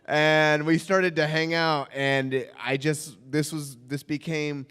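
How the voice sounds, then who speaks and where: A young man telling a comic story on stage, rambling and self-mocking with halting restarts. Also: on the high side, little pitch movement, a bit bright, clean tone, big-room sound.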